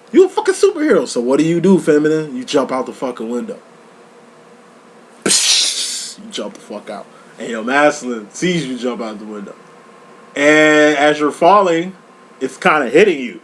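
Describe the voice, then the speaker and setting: Profane, slangy man giving a tarot reading. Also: medium pitch. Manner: profane, slangy, animated storytelling. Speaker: tarot reader. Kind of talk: casual tarot reading monologue. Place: lives in Chicago.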